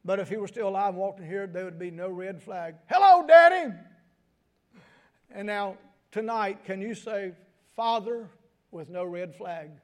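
An older man preaching a sermon, moving between quiet asides and sudden high, shouted emphasis. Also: fairly even intonation, moderate pace.

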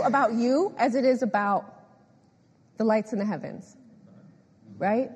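A woman preaching a sermon, animated and emphatic, repeating phrases and often laughing. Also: fairly high pitch, a little slow, husky. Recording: echoey hall with long reverb.

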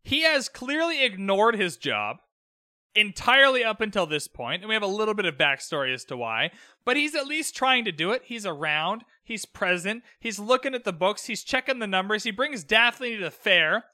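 A young man with a high, very bright voice talks through a recap in a loose, rambling way, full of exasperated asides and strong opinions. The sound is dry and close, with almost no room around him. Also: sing-song, normal speed, no echo. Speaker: podcast host recapping a TV episode. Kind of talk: casual solo recap podcast.

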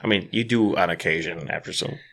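A man's voice: low voice, brisk, fairly bright tone. A man co-hosting a casual podcast chat while drinking whiskey, joking around and swearing freely. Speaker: podcast co-host.

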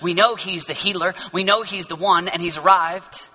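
A male pastor preaches an emphatic sermon in a very high, piercing voice. He repeats phrases for effect and swings between loud declarations and hushed passages. His tone is bright and sharp. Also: steady tone, normal speed.

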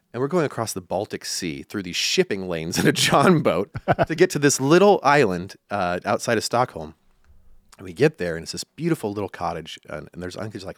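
A man's voice: low-pitched, dry recording, studio quality. A young man from Iowa, a country musician, telling stories in a casual interview, rambling with fillers and restarts. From Iowa, USA.

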